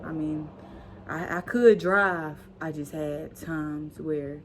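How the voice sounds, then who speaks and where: A young woman vlogger telling a story casually, animated and acting out the dialogue. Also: low-pitched, slow pace, slight background noise.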